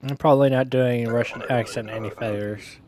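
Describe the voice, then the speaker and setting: A man's voice: medium pitch, fairly even intonation, a little fast, darkish tone, slight background noise. A man streaming a game, giving casual, self-mocking commentary as he thinks aloud.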